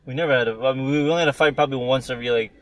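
A man's voice: medium pitch, racing, a bit bright. Profane, rambling young man chatting. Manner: profane, rambling, loose storytelling. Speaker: podcast co-host. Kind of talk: casual chat.

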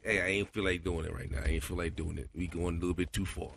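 Animated man with a slightly scratchy voice. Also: low voice, quick pace, gravelly. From Florida. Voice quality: a little scratchy. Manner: animated, swings loud for chanted cadence bits; colloquial, repeats "you know". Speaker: podcast host, cadence caller. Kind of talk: casual podcast monologue.

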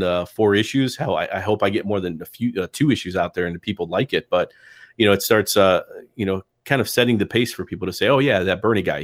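Low-voiced man in casual chat. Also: no room sound. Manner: rambling, storytelling with put-on quotes. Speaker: guest, comics creator.

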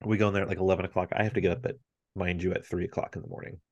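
A man's voice: deep voice, very fast, no room sound, dull audio. A man in his thirties, a podcast co-host, telling a story in casual chat and acting out his family's voices. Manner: animated storyteller, acts out family members' voices.

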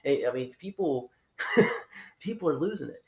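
A man giving an informal, conversational sermon, talking in a halting way with restarts and fillers. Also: a little high, expressive, a little mellow, roomy sound. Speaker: preacher.

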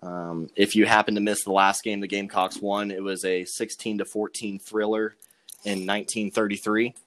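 A man's voice: on the low side, flat delivery, normal speed, fairly bright tone. A young man giving sports betting picks on a podcast, joking and rambling with many ums and uhs. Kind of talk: casual sports betting chat.

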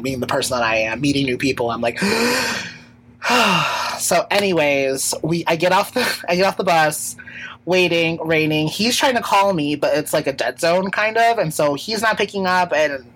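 A woman's voice: deep voice, a bit bright, slight background noise, rough recording. A woman hosting a podcast, telling a travel story in a rambling, filler-heavy way with casual swearing and laughs. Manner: rambling, lots of fillers and restarts. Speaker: podcast host.

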